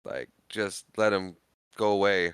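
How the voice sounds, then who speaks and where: Bright, crisp-voiced man recapping a film. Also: lowish voice, measured pace, no room sound. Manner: laughs often, retells scenes with quoted lines. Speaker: podcast co-host. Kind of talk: casual movie recap chat.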